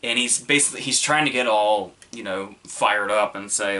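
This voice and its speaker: A man's voice: on the low side, normal speed, hardly any pauses, sharp tone. A young man hosting a podcast, reviewing films in a rambling, casual way with lots of fillers and restarts. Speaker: podcast host.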